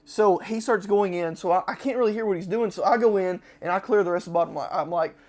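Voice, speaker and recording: High-voiced man telling a story. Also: fast. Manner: animated, acts out quotes with loud shouts. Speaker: podcast host. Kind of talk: casual storytelling.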